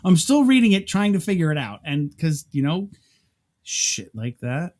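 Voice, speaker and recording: Laughing man with a higher voice. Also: very animated, normal speed, darkish tone. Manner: laughs often, self-deprecating. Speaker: livestream co-host. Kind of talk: casual chat reading viewer comments.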